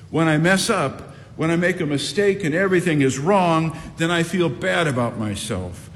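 Man in his sixties preaching in a reverberant hall. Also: on the high side. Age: 60s. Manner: emphatic preaching with slow drawn-out repeated refrains. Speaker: pastor. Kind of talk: sermon. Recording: long hall reverb with faint noise.

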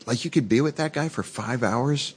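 A man hosting an interview, chatting in a relaxed, conversational way. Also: mid-range voice, normal speed, husky. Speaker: radio show host. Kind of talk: casual interview chat.

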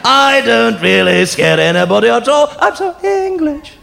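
A man's voice: big pitch swings, moderate pace, gravelly, full character voice. A man doing a camp, prissy Englishman. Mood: camp, mocking. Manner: high, sing-song, affected. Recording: echoey live hall with crowd noise.

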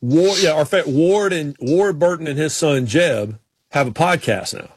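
A man's voice: fairly high pitch, lively intonation, a little slow, husky, no room sound. A man hosting a casual chat, telling rambling stories with many restarts. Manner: rambling storyteller, frequent restarts. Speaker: podcast host.

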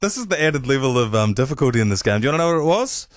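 Male New Zealand breakfast co-host, teasing and laid-back, mid pitch, dry studio mic. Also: big pitch swings, rapid-fire, no echo. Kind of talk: casual radio banter. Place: radio studio. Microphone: studio microphone.

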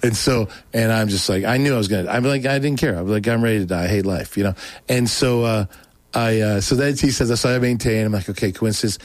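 A man's voice: on the low side, a little fast, dry recording. A man, a show guest, telling a long personal story in a casual, rambling way with many restarts.

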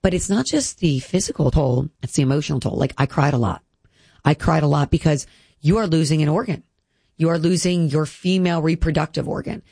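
A woman's voice: low-pitched, a little fast, vocal fry, a little mellow, husky, no room sound. A woman in her thirties, a guest speaking earnestly and emotionally about her health, with many "like" fillers. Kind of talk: candid personal interview.

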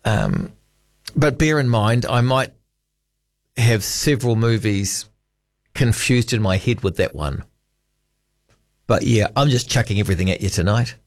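A man's voice: fairly low pitch, a little slow, pauses often, dry recording, clean studio sound. A man hosting late-night talkback radio, rambling wryly and reading out listener texts. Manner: rambling, wry, reads listener texts aloud. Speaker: radio host. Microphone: studio microphone.

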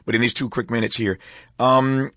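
A man hosting an interview, keeping it moving with brisk, encouraging questions and quick asides about the time he has left. His voice is mid-pitched and sounds close and dry, with no room around it. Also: fairly even intonation, fairly bright tone, no echo. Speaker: interview host. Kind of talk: radio-style interview.

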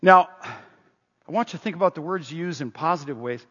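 Husky, high-voiced man preaching in a hall. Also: a little fast. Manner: chatty, repeats and restarts, rises loud for emphasis. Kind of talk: sermon with storytelling. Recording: dull echoey hall.

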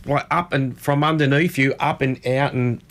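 A man's voice: medium pitch, steady tone, normal speed. Rambling Australian man on radio. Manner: rambling, filler-heavy storytelling. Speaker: radio host. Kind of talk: casual radio chat.

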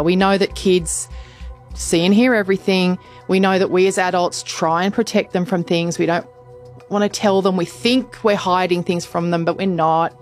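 Animated woman telling a story. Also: fairly low pitch. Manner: animated storytelling, acts out quotes. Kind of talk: casual chat.

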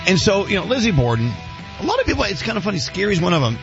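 A man hosting a morning radio show, chatting in a lively way and often cutting in with questions. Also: sits high, music in the background. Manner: chatty, animated, quick to interject. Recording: dull radio studio sound, dry.

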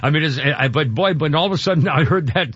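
A man's voice: fairly high pitch, fast talker, fairly bright tone, breathy edge, no echo, highs cut off. A man hosting a talk radio show, emotional and rambling, often choked up and restarting his sentences.

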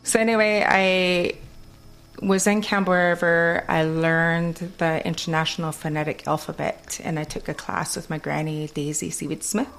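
A woman's voice: sits low, moderate pace. A young woman with a Kwakwala-influenced English accent, chatting casually and laughing often as she tells stories. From Alert Bay, Canada. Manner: laughs often, animated storytelling. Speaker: guest. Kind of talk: casual chat.

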